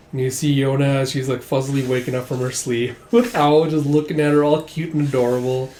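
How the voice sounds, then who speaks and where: A man's voice: medium pitch, flat delivery, a little fast, hardly any pauses, mellow, slight background noise. A man casually reading a manga aloud with chatty commentary, laughing and swearing in his asides. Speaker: manga reviewer. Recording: roomy echo.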